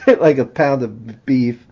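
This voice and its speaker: A man's voice: mid-range voice, big pitch swings, slow, vocal fry, mellow, breathy edge. A man from the United States co-hosting a podcast, teasing and rambling in casual chat with many fillers. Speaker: podcast co-host. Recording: dull lo-fi podcast audio.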